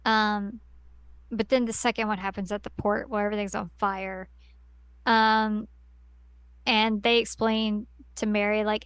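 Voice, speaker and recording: A woman's clear, resonant mid-range voice moves at a measured pace with little pitch variation, with no room sound. As a podcast co-host in casual chat, she gives a long, rambling plot recap loaded with fillers and restarts.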